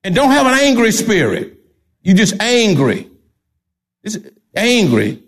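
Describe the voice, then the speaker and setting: A man's voice: sits high, wildly swooping pitch, slow. An older man with a Texan accent, a pastor preaching a sermon emphatically and repeating key phrases.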